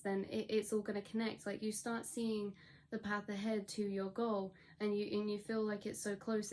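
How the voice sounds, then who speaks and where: A woman's voice: medium pitch, a little mellow. A woman giving a general tarot reading as a rambling spoken monologue, acting out quoted thoughts with many restarts. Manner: rambling, storytelling with restarts and quoted inner voices. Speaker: tarot reader.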